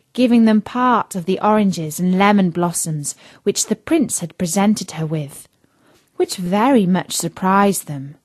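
A woman reading a classic fairy tale aloud for children, deliberate and expressive. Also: mid-range voice, no room sound. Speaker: storyteller.

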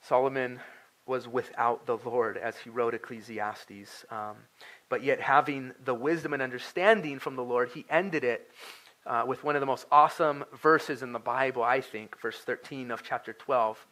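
A man's voice: medium pitch, fairly even intonation, moderate pace, a bit bright. A young adult man delivering a sermon as a pastor, in an earnest, conversational way, with many fillers and restarts. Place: church sanctuary.

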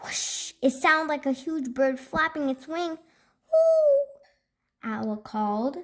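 A woman hosting a storytime, reading a children's picture book aloud in an expressive, slow storytelling manner. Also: high voice. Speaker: storytime host.

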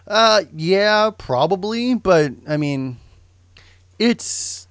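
A man's voice: high-pitched, lively intonation, very slow, fairly bright tone, smooth, no echo, studio quality. A young man giving casual, rambling commentary on a game he streams, often correcting himself and tossing in jokes. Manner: rambling, self-correcting, joking asides.

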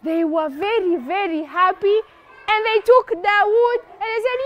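A woman telling a story to children in an animated, expressive, playful way. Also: very high voice, moderate pace, a little hiss or hum.

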